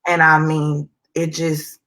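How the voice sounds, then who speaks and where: Slow-speaking woman interview host. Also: sits low, monotone, a bit bright, poor audio. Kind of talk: casual interview.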